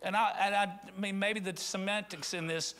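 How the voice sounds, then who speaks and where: A man's voice: high-pitched, steady tone, normal speed, bright, forceful tone. A middle-aged man from rural Arkansas, preaching a conversational sermon that rises into fervent appeals. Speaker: pastor.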